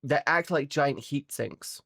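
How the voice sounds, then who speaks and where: A woman streamer chatting casually with her viewers from home, rambling, animated and sweary. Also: sits low, slow, gravelly, breathy edge, dry recording, clean studio sound. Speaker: VTuber streamer. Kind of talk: casual chat with live chat viewers.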